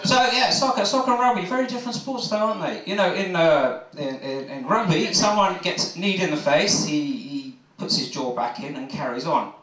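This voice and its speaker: A man's voice: on the high side, normal speed, hardly any pauses, a bit bright, recorded from a distance. Self-mocking male stand-up in a pub. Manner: rambling, self-mocking, chats with audience. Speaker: stand-up comedian. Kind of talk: stand-up comedy. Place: pub stage. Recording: roomy pub mic from afar.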